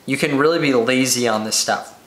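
In an echoey room, an energetic man of medium pitch hosts a solo business podcast. He reels off fast lists and acts out excited buyers.

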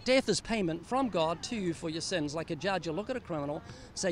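A man's voice: on the high side, animated, fast. An older man sharing his faith earnestly with a stranger on a city street, pleading and serious. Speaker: street evangelist. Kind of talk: street evangelism conversation.

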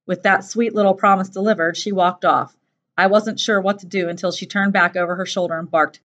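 Lower-voiced woman teacher reading aloud. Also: a little fast. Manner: steady, plain storytelling. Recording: dull lo-fi recording.

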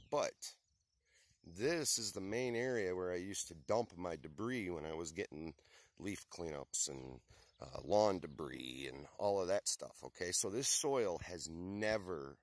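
A man talking casually in an outdoor vlog, out of breath after hard work, chatty and emphatic, checking in often with "okay?". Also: low voice. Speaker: lawn care and garden business owner. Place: open field outdoors. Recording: outdoor recording with clear background noise.

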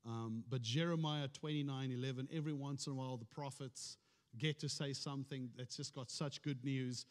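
A man's voice: mid-range voice, fairly even intonation, moderate pace, in a large hall. A man preaching a sermon as a pastor, in a conversational storytelling way with touches of humor. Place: church sanctuary.

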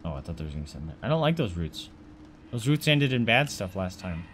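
A man narrating his own horror game run in a loose, joking way. He talks to the items he carries and admits how scared he is. His pitch sits in the middle range, with a faint hiss of noise behind him. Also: sing-song, fast, fairly bright tone. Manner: jokey, talks to objects in the game, easily spooked. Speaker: let's play gamer. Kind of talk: casual horror game commentary.

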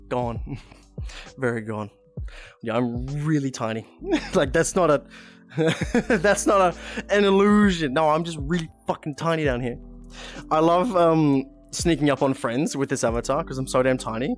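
Soft music plays in the background as a mid-range voice chats at a measured pace through a headset mic. It's relaxed live-stream talk during a VR game, with lots of giggles and regular cursing.

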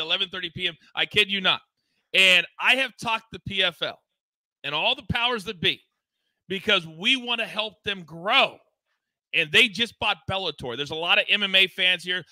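A man's voice: sits high, pushed and bright, no room sound. A man hosting a live sports betting show, talking in a hyped, teasing, promotional way. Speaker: host.

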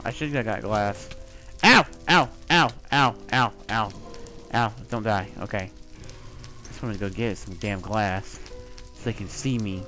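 A man's voice: mid-range voice, normal speed, sharp tone, faint music behind. A man giving casual, chatty gameplay commentary, talking to game creatures and swearing often. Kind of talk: casual let's-play commentary.

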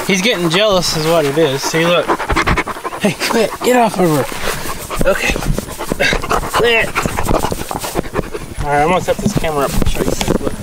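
High-voiced farmer outdoors. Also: male voice, normal speed, long pauses, very noisy. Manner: easygoing, chats with his dogs. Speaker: farmer and vlogger. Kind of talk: casual vlog narration. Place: outdoors on a farm.

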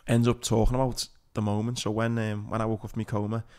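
A man's voice: on the low side, flat delivery, quick pace, darkish tone, smooth. A man speaking frankly and bluntly, with plenty of swearing, in a casual podcast chat.

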